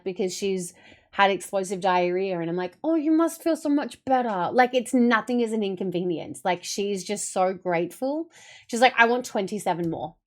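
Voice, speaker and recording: A woman streamer in casual chat with her viewers, telling stories in a rambling, chatty way with many fillers and casual swearing. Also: mid-range voice.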